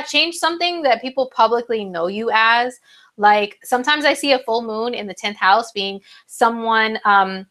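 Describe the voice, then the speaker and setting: A woman's voice: mid-range voice, fairly bright tone. Chatty woman reading horoscopes live. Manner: chatty, lots of fillers and asides to chat. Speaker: astrology livestream host. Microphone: phone.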